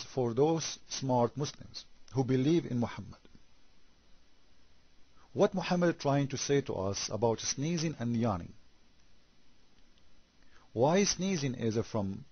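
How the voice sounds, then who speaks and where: A man giving a sarcastic critical commentary monologue, firing off rhetorical questions and stumbling into halting repetitions. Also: mid-range voice, breathy edge, no room sound, dull audio.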